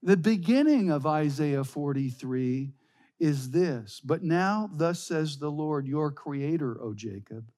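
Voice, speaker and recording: A man preaching a sermon, slow and emphatic, reading scripture aloud. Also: fairly high pitch, lively intonation, a little mellow. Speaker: pastor.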